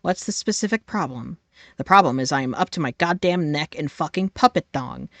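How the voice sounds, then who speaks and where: A woman's voice: sits low, animated, a little fast, a bit bright, no echo. A young adult woman streaming a game live, reading its text aloud in a profane, playful way.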